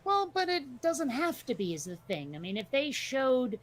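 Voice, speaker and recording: Blunt, high-voiced woman chatting. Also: normal speed. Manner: blunt, swears freely, animated storytelling. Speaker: podcast co-host. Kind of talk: casual chat.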